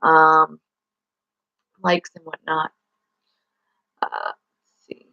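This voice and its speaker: A woman's voice: low voice, big pitch swings, extremely slow, vocal fry, pauses often, bright, forceful tone, no room sound, muffled recording. A woman chatting casually on a livestream, rambling and correcting herself as she greets viewers and asks them questions. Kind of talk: casual live-stream chat. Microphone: laptop or phone mic.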